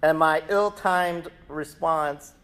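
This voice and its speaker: A man giving a relaxed, conversational Bible teaching, thinking aloud with rhetorical questions and laughing at his own asides. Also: fairly high pitch, slow, clean tone. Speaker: preacher.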